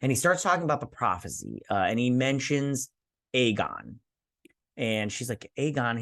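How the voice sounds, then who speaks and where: A man's voice: mid-range voice, normal speed, gravelly, no room sound, studio quality. A man in a medium voice gives a loose, chatty recap of a television episode. He slips in and out of quoted lines with playful asides and plenty of filler words. He speaks as the host of a review show. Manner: animated storytelling, acting out characters' lines with fillers.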